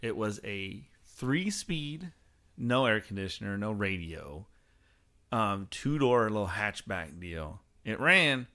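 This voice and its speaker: A man who is a guest on a podcast, telling stories in a relaxed, rambling way during casual chat. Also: lowish voice, slow. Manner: easygoing, rambling storyteller.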